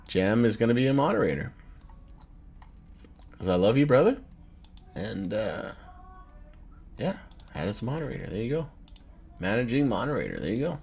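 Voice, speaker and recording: A man in his thirties hosting a casual live stream, reading chat aloud in a loose, profane way and laughing often. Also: mid-range voice. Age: 30s. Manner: loose, profane, laughs often, swings between joking and irritated. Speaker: livestream host reading chat.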